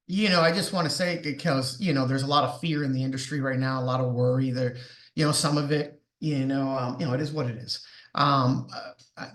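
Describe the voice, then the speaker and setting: A man sharing an experience on a video call, halting and filler-heavy. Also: medium pitch, fairly even intonation, a bit bright. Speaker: real estate agent. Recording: echoey room on a video call.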